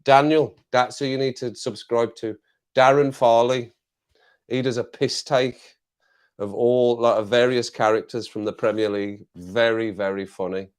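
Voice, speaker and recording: A man's voice: medium pitch, fairly even intonation, moderate pace, smooth. An English man hosting a casual live stream, chatting to viewers in a rambling way, repeating phrases and laughing often.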